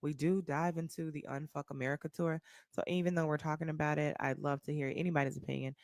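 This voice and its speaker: A woman's voice: low-pitched, quick pace, dry recording, studio quality. A woman from Texas chatting casually on a livestream as a podcaster, talking straight to viewers, calling out their names and swearing freely. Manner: animated, profane, reacts to viewer comments.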